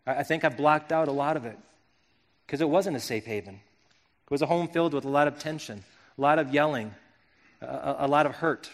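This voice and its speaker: A middle-aged pastor from Wisconsin delivers a sermon in an earnest, reflective way, often circling back to restart a phrase. His voice sits a little high for a man. A long reverb hangs around him, as if he is in a large hall. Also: fairly bright tone.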